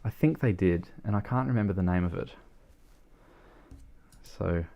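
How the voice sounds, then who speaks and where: A man's voice: low-pitched, normal speed, gravelly, dull audio. A man chatting casually on a game livestream, rambling with many fillers and restarts and joking at his own expense. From New Zealand. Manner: self-deprecating, joking. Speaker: game streamer. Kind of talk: casual livestream chat while driving in a game.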